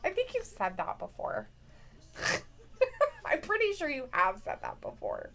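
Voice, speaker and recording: Lively high-voiced woman chatting casually. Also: unhurried, creaky. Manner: laughs often, mimics wrestlers in silly voices. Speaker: co-host reacting to a wrestling show. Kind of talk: casual live reaction chat.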